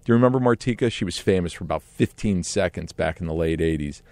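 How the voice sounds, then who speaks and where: A middle-aged man telling a casual story in an animated way, often laughing and acting out what others said. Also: deep voice, fast talker, no room sound. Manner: animated, laughs often, acts out quoted voices.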